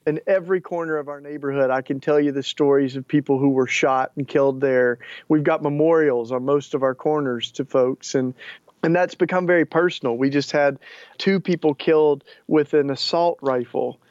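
An earnest male guest speaking in a fairly high voice, searching for words with frequent restarts. The recording is dull and lo-fi, dry with no room sound. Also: steady tone, normal speed, darkish tone, no room sound. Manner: earnest, many restarts and fillers. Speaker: author and activist guest. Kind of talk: interview clip, casual explaining.

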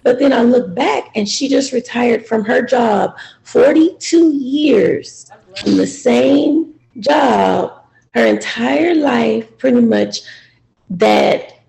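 Woman telling her story at a seminar, really gravelly voice, warm and dark, kinda hesitant. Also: fairly high pitch, takes it slowly, poor audio. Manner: reflective, hesitant. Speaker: seminar participant. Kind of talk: personal testimony.

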